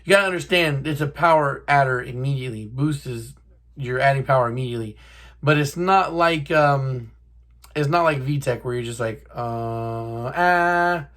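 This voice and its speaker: A man's voice: mid-range voice, a little fast, fairly bright tone. A young man hosting his own channel, chatting casually and profanely to the camera like he's talking to a buddy. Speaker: car channel host.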